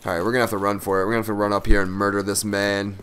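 A man giving live commentary over his own gameplay, excitable and profane, breaking from low muttering into loud yelps. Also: rapid-fire, a little hiss or hum.

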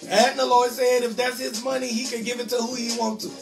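A man's voice: extremely high pitch, little pitch movement, fairly quick, distant mic, music in the background. A male comedian hosting a live stream, reading out viewer comments and answering them in a loose, joking way. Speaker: comedian and show host.

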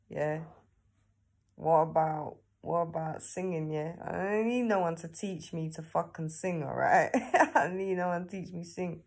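Chatty woman, gravelly voice. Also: fairly low pitch, takes it slowly, a little mellow. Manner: chatty, laughing often, tag questions. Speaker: vlogger. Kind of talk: casual self-talk to camera.

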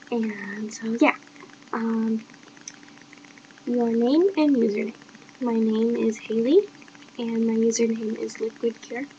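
A young woman from Maine talks slowly in a casual vlog, her slightly high voice edged with vocal fry. She reads each question aloud and answers offhand, pausing on fillers. A faint hiss sits under the recording. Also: a little mellow, dull audio. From Southern Maine, United States. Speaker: vlogger. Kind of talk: casual accent-challenge video.

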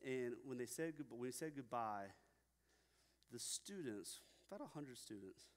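A young man preaching a sermon at a church, telling stories casually with many fillers. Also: medium pitch. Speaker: pastor. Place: church sanctuary. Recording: long reverb in a hall.

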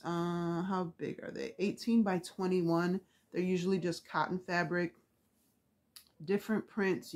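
A woman's voice: lowish voice, darkish tone. A woman vlogger chatting casually about craft supplies, rambling with lots of fillers, with the hiccups.

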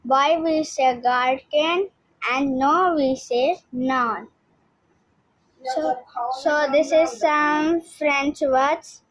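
A woman with an Indian English accent giving a slow, informal language lesson, pausing often and repeating words. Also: high-pitched, low-quality recording. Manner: slow, halting, repeats words, frequent pauses. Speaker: language teacher.

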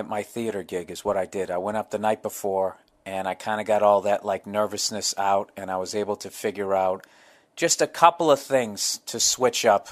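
A middle-aged man, hosting a solo podcast, telling profane, rambling comic stories. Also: lowish voice. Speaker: podcast host.

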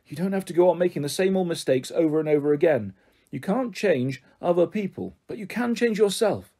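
A man's voice: on the high side, expressive, a little fast, dark tone. A man reading the part of a kind, patient older man who talks in a coaxing, reassuring way. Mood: reflective. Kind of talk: audiobook character voice.

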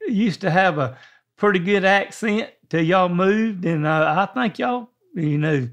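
A man's voice: high-pitched, unhurried. An older man with a thick Southern accent, hosting a podcast in folksy casual chat and repeating words as he thinks. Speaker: podcast host.

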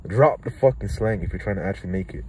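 A young man in his twenties with a Toronto accent rants straight to camera, his voice dark and mellow in tone. He is profane and heated and leaps between thoughts. Faint vehicle noise hums behind him. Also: low-pitched, quick pace, rough recording. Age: 20s. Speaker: rapper. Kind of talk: impassioned vlog rant.

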